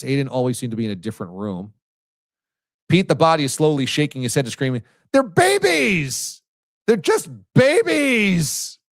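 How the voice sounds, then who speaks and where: In a dry recording, a medium-pitched man hosts a live sports talk stream. He keeps it loose and jokey, reading out comments from viewers.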